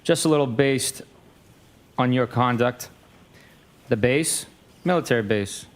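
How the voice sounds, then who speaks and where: A man's voice: mid-range voice, a little slow. Man reading text messages aloud.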